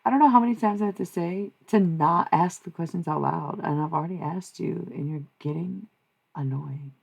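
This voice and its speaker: Low gravelly woman streaming. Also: moderate pace, a little mellow. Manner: blunt and profane, musing aloud. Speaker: streamer giving psychic messages. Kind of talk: casual livestream chat.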